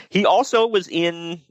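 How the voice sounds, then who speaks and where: A man's voice: high voice, dry recording, dull audio. A man co-hosting a casual wrestling podcast, joking around and slipping into mock voices. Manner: jokey, animated, slips into mock voices. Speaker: podcast co-host.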